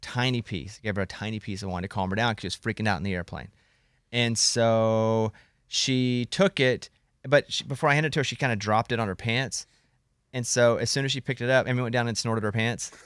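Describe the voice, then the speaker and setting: A man hosting a radio morning show, telling quick joking stories. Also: medium pitch, a bit bright, smooth, dry recording, studio quality. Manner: quick joking storyteller, self-teasing. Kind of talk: casual morning show banter.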